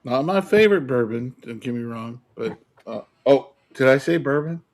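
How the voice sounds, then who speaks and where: Relaxed male co-host with a mid-range voice, dry wit, easygoing talk. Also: mid-range voice, moderate pace. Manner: laid-back, dry humor. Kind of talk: casual chat.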